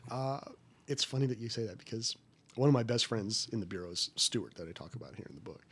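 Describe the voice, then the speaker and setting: A man's voice: on the low side, fast talker, husky. A man in his forties, a former federal agent, telling stories as a podcast guest in a folksy, emphatic way. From United States. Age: 40s. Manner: folksy and emphatic, rising to animated retellings. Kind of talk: conversational interview storytelling.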